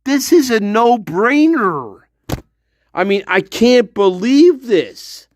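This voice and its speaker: A man's voice: extremely high pitch, big pitch swings, slow pace, slight background noise. A man hosting a casual true-crime commentary, rambling and swearing with sudden outbursts. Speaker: host of a true-crime discussion channel.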